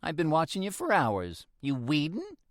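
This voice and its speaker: A man's voice: fairly high pitch, huge pitch swings, normal speed, no echo, voice pushed up. A man voicing an older woman neighbor with a dry, teasing manner in an audiobook. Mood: curious. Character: older woman neighbor, wry and warm-hearted. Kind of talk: audiobook character voice.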